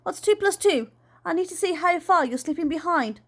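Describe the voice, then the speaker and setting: Woman doing bossy aunt, blunt, scolding, high, loud, storybook reading. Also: animated, moderate pace, heavily acted. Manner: scolding, dramatic exclamations.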